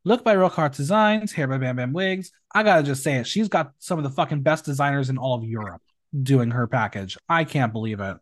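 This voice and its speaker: A man hosting a podcast, chatting casually and giving opinionated reviews of runway looks in an animated way. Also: mid-range voice, a little fast, no echo, clean studio sound. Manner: animated, opinionated, swings between loud and hushed. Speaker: podcast host. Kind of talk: casual recap chat.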